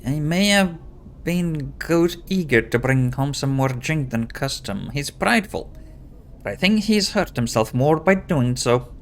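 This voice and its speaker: A man's voice: on the high side, lively intonation, unhurried, slight background noise. A man doing a worried wife in a fake Scottish accent. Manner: hesitant, wary. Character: worried wife of a hot-tempered husband.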